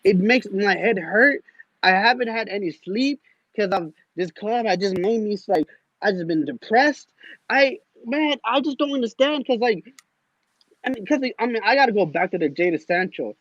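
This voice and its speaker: A man's voice: high voice, animated, moderate pace, a bit bright, no echo, dull audio. A man speaking as a guest panelist, ranting in an exasperated way as a fan. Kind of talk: passionate fan rant.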